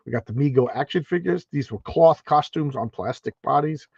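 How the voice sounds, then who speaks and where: A man's voice: fairly high pitch, moderate pace, vocal fry, a little mellow, slightly rough, no echo, highs cut off. A man casually reading through an old comic and commenting on it, rambling with restarts and asides. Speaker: comic book reviewer.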